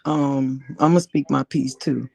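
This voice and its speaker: A woman's voice: a bass voice, steady tone, measured pace, gravelly, a little mellow, slightly rough, dry recording. A woman guest on a livestream with a Southern US accent, speaking bluntly and emphatically in support of the host. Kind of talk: casual supportive chat.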